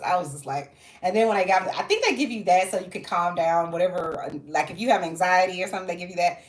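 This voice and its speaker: A woman talks straight to camera in a casual, rambling way, wandering from one aside to the next. Her voice sits at a middle pitch. The room around her is noticeably echoey. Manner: rambling, chatty, jumps between asides. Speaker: social worker and vlogger. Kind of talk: casual chat.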